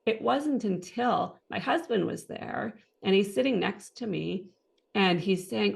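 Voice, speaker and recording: A woman in her thirties, a guest in an interview, telling her own story in lively fashion and acting out what others said and thought. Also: mid-range voice, measured pace, gravelly. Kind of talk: personal testimony in an interview.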